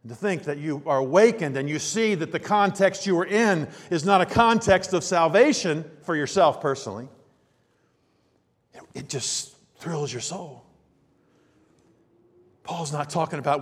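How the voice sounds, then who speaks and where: A middle-aged man preaching a sermon, animated, swinging between hushed and emphatic delivery. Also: on the high side, unhurried, pauses often. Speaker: pastor. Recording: long hall reverb.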